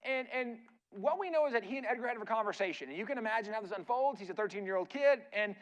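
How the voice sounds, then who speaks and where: A man's voice: high-pitched, expressive, fast, dull audio. A man speaking as a guest preacher in a church, telling a story in a casual, conversational way with frequent "like" and "right?" asides.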